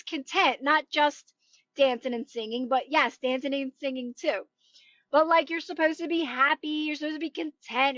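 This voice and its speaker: A woman's voice: high-pitched, fairly bright tone, no room sound, muffled recording. A woman manifestation coach chatting on a livestream from home, earnest and encouraging, often repeating herself. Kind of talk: livestream chat.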